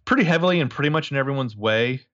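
A man's voice: mid-range voice, expressive, very fast, fairly bright tone, highs cut off. A man casually recapping a movie as a podcast co-host, crude and joking, rambling with lots of fillers.

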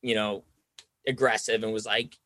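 A man's voice: fairly low pitch, little pitch movement, moderate pace, a bit bright, no echo. A young man telling a long story in casual chat, rambling with lots of "like" and acting out the voices of the people in it. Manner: rambling, says "like" constantly, acts out quoted voices.

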